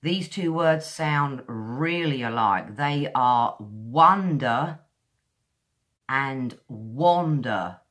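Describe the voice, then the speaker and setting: A woman from England with a modern English accent, teaching pronunciation in a chatty video lesson and slowly repeating sounds to demonstrate them. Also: extremely low pitch, a bit bright. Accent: modern southern English.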